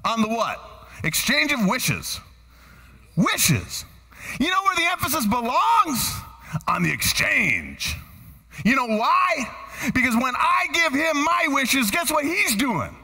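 A man preaching to his congregation, calling out questions and swinging from shouts to quiet, earnest tones. His voice sits high and bright with a husky edge. His pitch leaps around constantly. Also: measured pace, in a large hall. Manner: animated preaching, quizzing the congregation, shifting from shouts to hushed tones. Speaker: pastor. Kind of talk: sermon. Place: church sanctuary.

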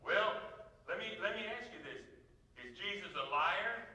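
A middle-aged male pastor preaching a sermon, swinging between loud praise and soft, hushed moments. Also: high voice, animated, unhurried. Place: church sanctuary. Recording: echoey church room, mic heard from a distance.

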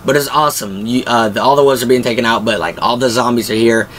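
A young man talks through a show's episodes in a loose, excited fan recap, piling one scene onto the next. His voice sits at an ordinary middle pitch, and a little faint ambience hums under it. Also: slight background noise. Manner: excited, rambling retelling with quick voiced quotes. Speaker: show host.

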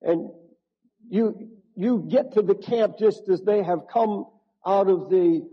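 A man's voice: high voice, husky, long reverb tail. A male preacher telling a scripture story in a sermon, speaking straight to the listener, with frequent restarts and a growing urgency. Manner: storytelling, addressing the listener directly, rising to emphatic pleas; halting restarts and repeated words. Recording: dull lo-fi sermon recording.

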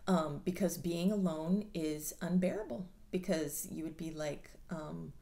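A woman's voice: lowish voice, unhurried, creaky, few pauses, warm tone. A woman vlogger giving a casual monologue in a blunt, profane and sarcastic way. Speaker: mental health vlogger.

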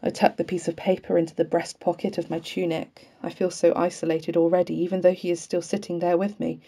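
A woman reading a novel aloud as an audiobook in a measured, unhurried way, with occasional slips left in. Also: lowish voice, level tone, mellow, breathy edge. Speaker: audiobook reader.

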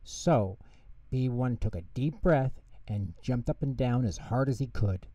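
A man's voice: medium pitch, measured pace, dark tone, dry recording. A man reading a children's bedtime story aloud, with a dry, self-mocking humour. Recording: dry, distant mic.

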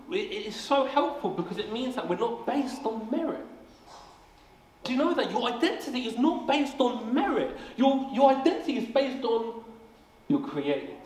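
A man in his late twenties preaching a family service sermon in a church hall, energetic and jokey, often repeating words as he starts a sentence. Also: high voice, slight background noise. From England. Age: 20s. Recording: echoey hall, faint ambience.

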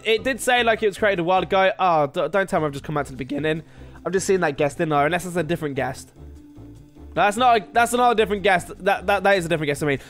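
Young male game host, high voice, bouncy pitch, rambling self-mocking commentary. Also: a bit bright. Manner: chatty, rambling, laughs at himself. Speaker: gaming video host. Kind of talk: casual let's-play commentary.

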